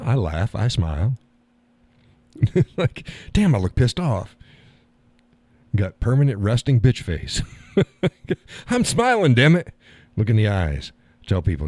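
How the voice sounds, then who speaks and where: A man's voice: on the low side, warm tone, no echo. A man hosting a live stream, chatting in a rambling, blunt way and laughing often as he talks. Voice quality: swears casually. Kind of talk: casual monologue chat. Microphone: audio call setup.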